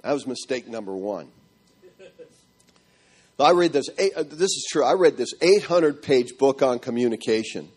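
A middle-aged man telling a church audience his marriage story in an animated, storytelling way. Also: mid-range voice, moderate pace, pauses often, slightly rough. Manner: animated storytelling, acting out quotes. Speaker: speaker giving a marriage testimony.

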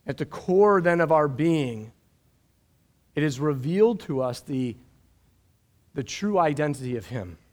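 A middle-aged man preaching a live-streamed sermon from a church stage, animated, with jokey asides and repeated words. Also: fairly high pitch, a little slow, long pauses. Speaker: pastor.

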